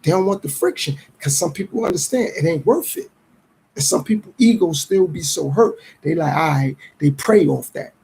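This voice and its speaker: Casting: male podcast host, middle-aged, high-pitched, dark and raspy tone, streetwise musing. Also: animated, rough recording. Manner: reflective, streetwise, acts out others' lines in quick voices. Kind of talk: casual podcast monologue.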